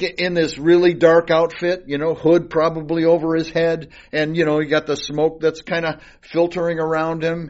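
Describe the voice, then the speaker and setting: A man giving an informal Bible study sermon, reading old scripture aloud and then explaining it casually with fillers and restarts. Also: a little high. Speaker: Bible teacher. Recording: dull lo-fi recording.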